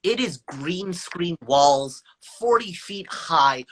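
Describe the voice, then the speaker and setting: Bright-voiced, high-energy young man. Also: lively intonation, slow pace. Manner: high-energy, playful, self-mocking. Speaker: guest. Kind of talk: animated storytelling in a live video chat.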